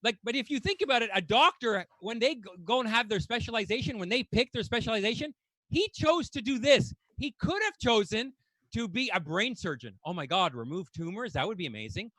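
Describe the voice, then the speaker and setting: Guy doing stand-up, super high voice, ranting and swearing, all worked up. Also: expressive, brisk, a bit bright, no room sound. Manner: exasperated, ranting delivery; swears casually. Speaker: stand-up comedian. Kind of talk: stand-up comedy set.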